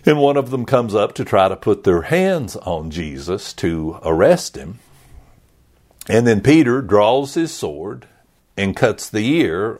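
Slow, low-voiced man preaching. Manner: dramatic storytelling, voicing characters' thoughts. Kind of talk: sermon.

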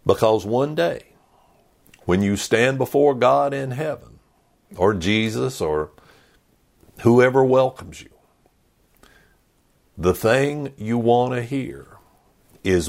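A male pastor preaching, with dramatic pauses, emphatic repetition and occasional whispered emphasis. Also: medium pitch, expressive, vocal fry. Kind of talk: sermon.

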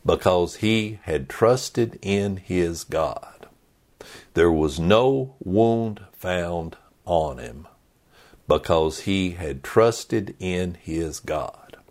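A male pastor preaching, with dramatic pauses, emphatic repetition and occasional whispered emphasis. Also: low-pitched. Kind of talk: sermon.

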